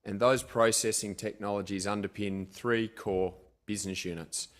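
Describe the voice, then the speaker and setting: Lowish voice guy doing a company pitch, chatty, keeps saying you know. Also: steady tone, normal speed. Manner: conversational, uses "you know". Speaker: company presenter. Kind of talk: investor presentation.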